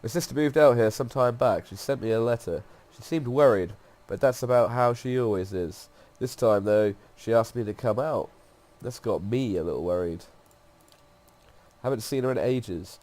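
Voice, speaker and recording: Sounding a bit nasal from a cold, a man reads game dialogue for a tough, restless woman guide in a raised voice. His natural voice is medium-pitched and a little mellow, with a moderate pace, and the reading is plain.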